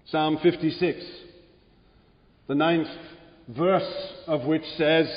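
A man preaching in a church, with a slightly high voice and an unhurried, deliberate delivery that rises to emphatic peaks. The recording sounds a little dull, and the church's reverb rings out behind him. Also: steady tone. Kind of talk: sermon.

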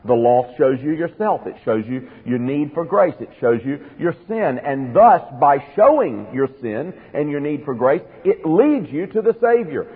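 A man with a slightly high, husky voice preaches with earnest emphasis and keeps putting questions to his listeners. His voice comes through a narrow, phone-like broadcast sound. A long reverb hangs behind each phrase, as in a large hall. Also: very animated, measured pace, few pauses. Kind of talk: sermon.

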